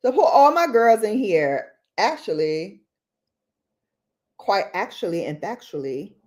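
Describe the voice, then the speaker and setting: A woman hosting a relaxed livestream, chatting. She speaks slowly, and her pitch swings widely as she plays around. She repeats lines for emphasis and often breaks into laughter. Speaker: beauty livestream host. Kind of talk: casual livestream chat with viewers.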